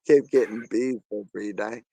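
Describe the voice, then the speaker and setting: Man, gravelly, slow, dry sound, laughs a lot. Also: mid-range voice, a bit bright, no room sound. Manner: laughs often, crude banter. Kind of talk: casual live chat.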